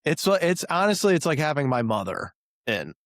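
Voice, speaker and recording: A man's voice: on the high side, moderate pace, no echo, studio quality. A man in his thirties hosting a podcast, telling stories with playful exaggeration in casual chat. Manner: animated storyteller, playful exaggeration. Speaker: podcast host.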